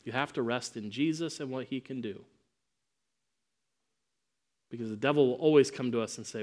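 A male preacher delivering a sermon in an emphatic style. His mid-range voice swings from ringing proclamation down to hushed asides. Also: mid-range voice, moderate pace, long pauses.

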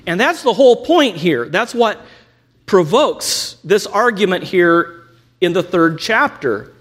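A man's voice: high voice, big pitch swings, slow pace, a bit bright. A man teaching a lecture on scripture, reading quotations aloud and adding ironic asides. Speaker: Bible teacher.

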